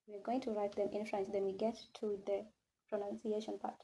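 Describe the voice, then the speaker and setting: A woman teaching French in a classroom, slowly repeating each word again and again and switching between English and French. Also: mid-range voice, level tone, dark tone, slight background noise. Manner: slow, repeats words many times, mixes English and French. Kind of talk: classroom lesson.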